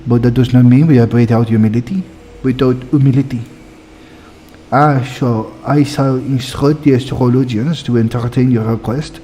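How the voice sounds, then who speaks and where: A man's voice: medium pitch, mellow, slight background noise, natural voice. A man voicing a proud, formal noble lord in a put-on French accent, stumbling and repeating as he reads. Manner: stiff, stately, stumbles and repeats.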